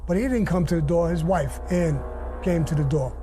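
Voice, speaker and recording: A man's voice: a little high, normal speed, warm tone. An older man bluntly recounting his past in a casual, profane storytelling way, with faint music behind.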